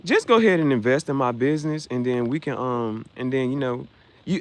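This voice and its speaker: Lively young man joking with chat. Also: medium pitch, fairly quick, dry recording. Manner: joking, reacting to chat comments, frequent laughs. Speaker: livestream host. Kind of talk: casual livestream chat with viewers.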